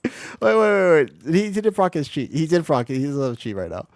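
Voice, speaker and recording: A man streaming an online game as a healer, rambling excitably through casual commentary, swearing freely and laughing often. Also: a little high, moderate pace, no echo, studio quality. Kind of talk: casual live gameplay commentary.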